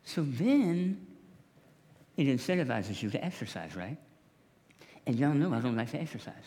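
A man's voice: medium pitch, very animated, moderate pace, mellow, big-room sound. A man preaching a sermon to his congregation in a joking, conversational way, speaking to them directly. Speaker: pastor.

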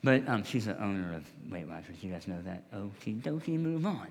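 Male pastor, lively and varied delivery, humorous conversational sermon, long hall reverb. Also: lowish voice, moderate pace, vocal fry, slight background noise. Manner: humorous, conversational, addresses the congregation directly.

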